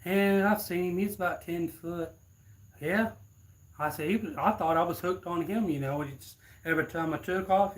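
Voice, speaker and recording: A man's voice: a little high, fairly bright tone. A man, telling a rambling, laughing story casually to his viewers. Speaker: streamer.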